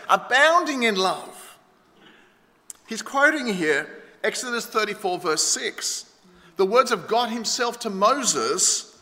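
High, bright Australian preacher. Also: male voice. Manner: emphatic preaching, swinging between loud stresses and hushed lines. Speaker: pastor. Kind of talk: sermon. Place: church. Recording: reverberant church hall.

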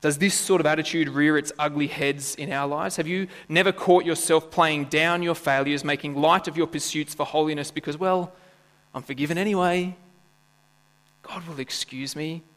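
A man's voice: fairly high pitch, fairly even intonation, moderate pace, hardly any pauses, fairly bright tone. A man preaching a sermon to his church congregation, conversational and playful, often asking the congregation questions and adding jokes. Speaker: pastor. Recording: church hall with long reverb and mains hum.

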